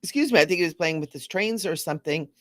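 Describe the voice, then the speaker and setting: A woman giving a casual, rambling spiritual talk to viewers, gently repeating words for emphasis. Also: lowish voice, expressive, fast talker, dry recording. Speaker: spiritual teacher hosting a live stream.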